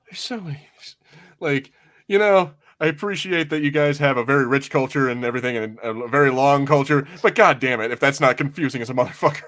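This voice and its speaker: A man's voice: mid-range voice, brisk. An American man from New Mexico hosting a casual podcast chat over a video call, swearing freely and laughing often. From New Mexico, USA. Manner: profane, laughing, excitable. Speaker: podcast host.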